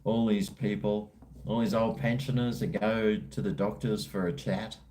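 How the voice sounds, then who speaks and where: A man's voice: on the low side, level tone, moderate pace, darkish tone, slight background noise. An Australian man hosting a live stream, chatting casually with viewers in a rambling, slangy, laid-back way. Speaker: livestream host.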